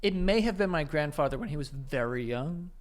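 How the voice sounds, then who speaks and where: A young man riffs in loose, profane chat as a podcast co-host. His voice sits a bit high and comes through smooth and clear. He rambles through his stories, piling on "like" and starting over mid-sentence. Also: lively intonation, fairly quick. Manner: rambling, profane storytelling with lots of "like". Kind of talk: casual chat.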